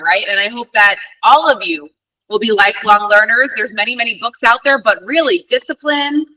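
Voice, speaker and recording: A woman moderates a virtual question-and-answer session in an upbeat, encouraging way. Her voice is high and bright, with a crisp edge. It sounds distant from the microphone. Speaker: event moderator. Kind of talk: hosting a virtual Q&A. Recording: distant mic on a virtual event.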